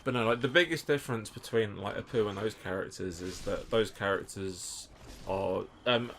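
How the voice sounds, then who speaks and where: A man's voice: fairly low pitch, normal speed, a bit bright, slight background noise. A man co-hosting a let's-play, joking and swearing as he riffs at length over the game. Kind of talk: casual gameplay commentary.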